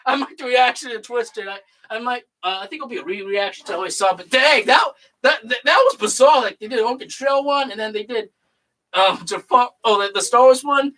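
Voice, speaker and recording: A channel host chatting casually, rambling through a story with acted quotes and excitable bursts. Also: medium pitch, brisk, rough recording. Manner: excitable, bursts into loud laughing shouts. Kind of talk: casual recap chat.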